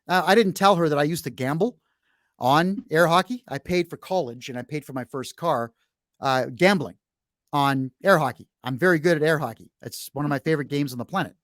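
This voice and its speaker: A man's voice: fairly high pitch, fairly quick, fairly bright tone, no room sound, clean studio sound. A brash middle-aged man hosting a podcast, telling a long story bluntly in casual chat. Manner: frequent restarts and fillers while telling a story. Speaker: podcast host.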